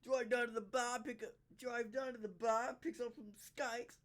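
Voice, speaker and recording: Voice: mid-range voice, steady tone, unhurried, pitched below the performer's own voice, lightly acted. A reactor putting on a crude British pub bloke. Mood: mocking. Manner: mock accent, rambling.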